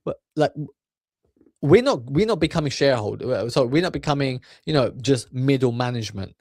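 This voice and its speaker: A man's voice: mid-range voice, lively intonation, a little fast, darkish tone, no room sound, studio quality. Profane guy ranting. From England. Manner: crude, swearing, repeats filler words. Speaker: commentary channel host.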